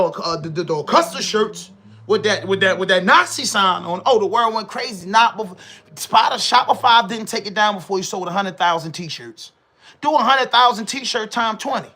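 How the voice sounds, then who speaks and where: A man's voice: very high-pitched, bright, forceful tone, slightly rough. A man with a Baltimore accent hosting a podcast, giving a heated, slangy commentary monologue full of rhetorical questions. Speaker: podcast host.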